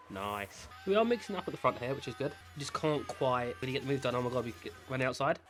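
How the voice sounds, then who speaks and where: A man narrating his racing management game playthrough in a mid-pitched voice, talking his drivers through every move. Game music sits faintly behind him. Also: fairly quick, hardly any pauses. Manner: chatty, cheers drivers on. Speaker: gaming creator. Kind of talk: excitable gameplay commentary.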